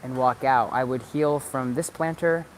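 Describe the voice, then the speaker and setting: A man's voice: mid-range voice, a little slow, slight background noise. A dog trainer talking casually to camera outdoors, repeating words as he works through his thoughts. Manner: conversational, repeats words while he thinks. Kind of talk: casual instructional talk to camera. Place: outdoors near planters.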